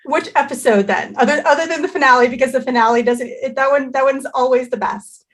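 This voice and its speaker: A woman's voice: high-pitched, fast talker. A woman hosting a casual interview, upbeat and enthusiastic, laughing often. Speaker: interview host.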